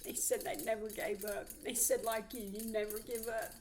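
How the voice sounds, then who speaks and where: A woman's voice: a little high, level tone, normal speed, darkish tone. A woman, giving a heartfelt channeled psychic reading. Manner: heartfelt, earnest, relays messages.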